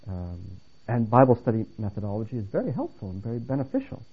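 Male lecturer, earnest and emphatic, lively delivery, thin phone-like recording. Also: medium pitch, fast talker, breathy edge. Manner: earnest, emphatic, with restarts and dry humor. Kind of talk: theology lecture. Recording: phone-like narrow band.

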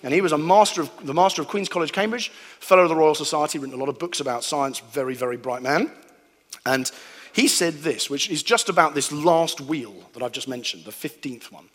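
Animated man in a hall. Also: fairly high pitch, a little fast. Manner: animated, playful, acts out sounds and voices. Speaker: speaker giving a talk to an audience. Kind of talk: lively public talk. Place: hall with a live audience. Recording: long hall reverb.

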